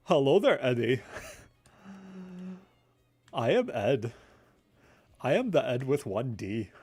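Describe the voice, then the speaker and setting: A man doing an impression of a dim, goofy cartoon boy, loud and cackling. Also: medium pitch, sing-song, slow pace, breathy edge, dry recording, soft background music, heavily acted.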